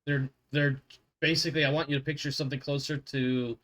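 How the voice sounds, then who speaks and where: A man's voice: medium pitch, little pitch movement, brisk, a bit bright. A man narrating as game master of a tabletop game, rambling with fillers and self-corrections.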